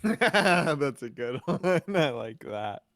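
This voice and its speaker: A man co-hosting a casual podcast chat, talking in halting bursts with frequent restarts and easy laughter. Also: fairly high pitch, big pitch swings, fairly bright tone, no room sound, clean studio sound. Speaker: podcast co-host.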